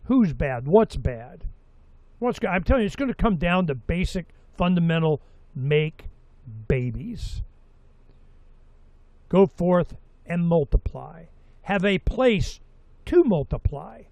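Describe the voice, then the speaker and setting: Middle-aged guy hosting a talk show, kinda high voice, rambly and sarcastic, dry close sound. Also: lively intonation, takes it slowly, gravelly, long pauses, warm tone, no echo. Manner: rambling, sarcastic, acts out quotes in mocking voices. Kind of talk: casual opinion monologue.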